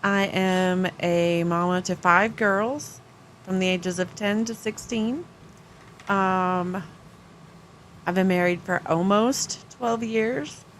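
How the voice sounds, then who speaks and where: A woman's voice: mid-range voice, fairly even intonation, takes it slowly. Joking woman in her thirties, faint hiss. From Maine. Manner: self-deprecating, joking. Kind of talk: casual chat.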